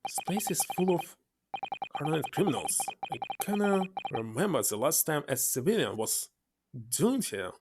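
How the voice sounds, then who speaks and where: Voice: mid-range voice, sing-song, moderate pace. A streamer chatting casually while playing a story game, thinking aloud between read-out lines. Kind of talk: live gameplay commentary and reading game text aloud. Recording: loud game music under the voice.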